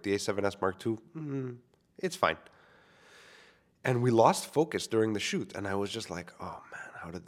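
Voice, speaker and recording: Candid, swearing man talking filmmaking. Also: on the low side. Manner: candid, self-deprecating, swears freely. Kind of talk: casual monologue to listeners. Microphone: studio microphone.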